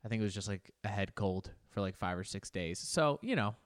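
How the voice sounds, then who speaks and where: A man's voice: on the low side, expressive, a little fast. A man hosting a casual solo podcast from his home office, chatty and playful, with jokey asides, his voice a bit congested. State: slightly congested. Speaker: podcast host.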